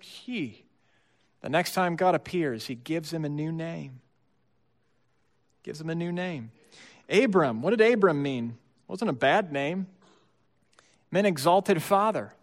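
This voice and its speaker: Expressive male preacher in a reverberant hall. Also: a little high. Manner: expressive preaching, swings between hushed and emphatic. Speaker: pastor. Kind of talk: sermon.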